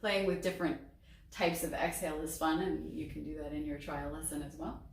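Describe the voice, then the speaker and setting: A woman's voice: sits low, little pitch movement, a little fast, gravelly, distant mic, a little hiss or hum. Upbeat female voice teacher, encouraging; roomy room sound, mic set back. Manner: upbeat and encouraging, sings examples. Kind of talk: voice lesson.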